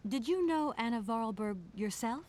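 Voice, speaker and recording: A woman's voice: fairly high pitch, lively intonation, a little mellow, slight background noise, lightly acted. A woman voicing a polite, composed lawyer in a video game. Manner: polite, measured.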